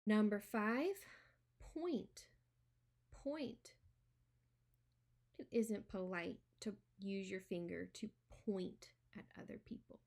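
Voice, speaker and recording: A woman teaching a spelling lesson to a homeschool class. She dictates words slowly and clearly, and opens with a playful pretend phone call. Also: mid-range voice, darkish tone.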